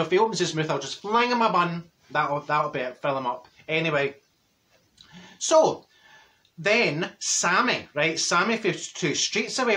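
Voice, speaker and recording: Glaswegian older woman, gossipy, bright forceful voice, rambling comic chatter. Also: on the high side. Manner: chatty, rambling storytelling, laughs at own jokes. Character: gossipy older Glasgow woman, blunt, cheeky. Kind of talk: comic character monologue.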